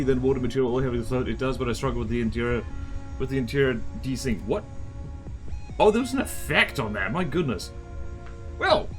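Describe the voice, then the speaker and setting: A man streaming a game live, chatting casually and reading chat, yelping and rambling excitably. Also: a little high.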